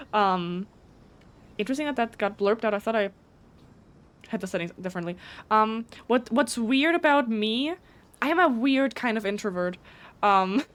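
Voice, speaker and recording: A woman whose first language is German, chatting casually on a live stream, talking fast with frequent stutters and restarts. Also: a little high, a bit bright.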